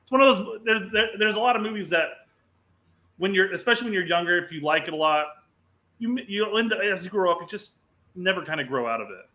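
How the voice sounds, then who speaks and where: A man co-hosting a loose, casual soccer podcast chat. His voice sits a bit high and sounds bright and forceful. He rambles, stumbles through restarts and laughs easily. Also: expressive, quick pace. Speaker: podcast co-host.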